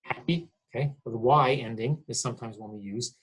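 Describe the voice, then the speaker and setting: Man, middle-aged, husky voice, casual grammar lecture, says okay a lot. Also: medium pitch, fairly quick, poor audio. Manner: casual, explanatory, frequent "um" and "okay?" checks. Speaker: college English instructor.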